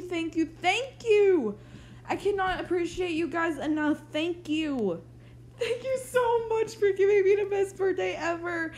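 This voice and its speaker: Teen girl vlogger, super high voice, gushy and effusive, faint hiss behind. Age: teenage, sixteen. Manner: gushing, effusive. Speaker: vlogger reacting to birthday videos. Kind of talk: casual reaction vlog.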